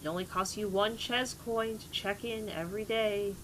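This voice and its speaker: A woman's voice: medium pitch, moderate pace, fairly bright tone, slight background noise. A woman in her twenties, a streamer chatting casually with her live chat, talking about herself and greeting viewers.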